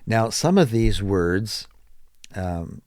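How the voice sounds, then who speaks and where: A man teaching English. He talks slowly and deliberately, repeats phrases for learners and acts out sample answers. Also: on the low side, animated, a little mellow, no room sound, studio quality.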